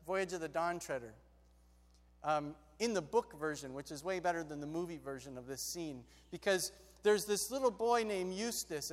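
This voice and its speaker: A man preaching a storytelling sermon in a lively, conversational way, swinging between loud and hushed. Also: high voice, in a large hall.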